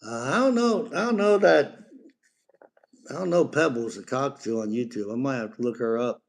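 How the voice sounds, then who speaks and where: A middle-aged man with a drawl talks easily and at length during a home live stream, his voice sitting at an ordinary, mid-range pitch. His chat rambles from one thought to the next, and he keeps pausing to coax and praise his parrot. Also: creaky.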